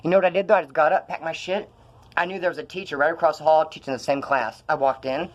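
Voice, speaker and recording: A man's voice: a little high, steady tone, quick pace, lo-fi sound. Profane rambling young man, feeling ill. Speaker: vlogger. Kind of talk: casual rambling vlog.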